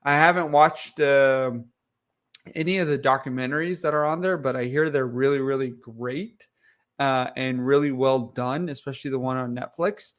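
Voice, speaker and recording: A man's voice: mid-range voice, fairly bright tone. A man co-hosting a casual podcast, joking, swearing and laughing easily. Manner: joking, profane, quick to laugh. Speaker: podcast co-host.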